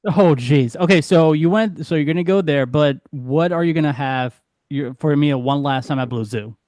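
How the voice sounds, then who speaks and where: A man's voice: a little high, moderate pace, darkish tone, no echo, studio quality. A man hosting a casual roundtable chat, eagerly asking questions and often repeating his words. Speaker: podcast host.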